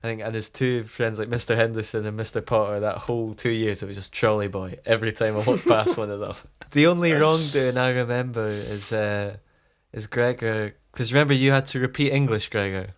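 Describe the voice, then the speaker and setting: A man's voice: on the low side, fairly even intonation, brisk, few pauses, clean tone. A young man telling a rambling school story in casual chat, laughing as he goes. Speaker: podcast co-host.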